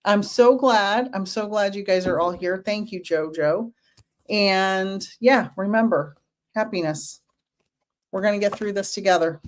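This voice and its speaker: A woman in her fifties, a spiritual medium hosting a casual livestream, who talks in a gentle, reassuring way with chatty asides. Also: mid-range voice, measured pace.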